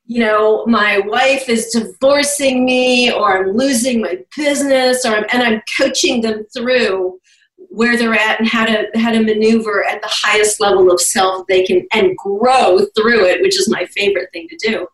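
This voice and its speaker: A woman's voice: on the high side, fairly even intonation, moderate pace. A middle-aged woman, a guest coach in an interview, telling stories with enthusiasm and frequent laughter. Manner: enthusiastic storyteller, laughs often. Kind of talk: conversational interview. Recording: roomy, distant from mic.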